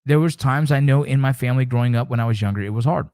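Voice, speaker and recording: A man's voice: medium pitch, rapid-fire, a little mellow, clear, resonant tone, no echo. A man in his forties hosting a casual livestream chat, talking emphatically, repeating himself and swearing casually. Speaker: show host.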